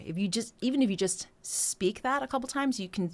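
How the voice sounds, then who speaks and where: A woman's voice: fairly high pitch, a little fast. A woman vocal coach talking through a singing lesson, explaining phrasing step by step in a conversational way with some fillers. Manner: explains phrasing step by step, breaking into sung demonstrations; conversational with frequent fillers and restarts.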